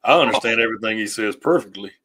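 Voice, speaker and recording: A man chatting in a casual podcast, answering the others in a relaxed, wry way. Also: on the low side, quick pace, noisy background.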